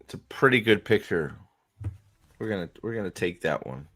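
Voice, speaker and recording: A man's voice: low voice, lively intonation, moderate pace, fairly bright tone. A man giving a casual, profane movie rant, rambling and stammering as he goes. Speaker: movie reviewer.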